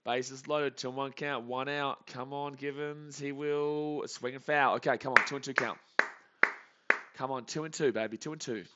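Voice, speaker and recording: A man hosting a live reaction stream, calling pitches anxiously and pleading over and over, tired from an early start. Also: steady tone, moderate pace, very noisy. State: tired, up early without coffee. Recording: dull lo-fi stream audio.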